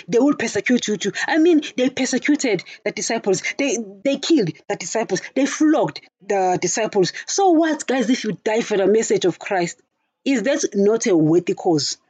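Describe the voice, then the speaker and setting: A woman's voice: fairly high pitch, dark tone, slightly rough, no echo. A woman hosting a religious podcast, speaking angrily and repeating herself as she talks to her listeners. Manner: angry, repetitive, addresses listeners as guys. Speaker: podcast host. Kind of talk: impassioned religious podcast monologue.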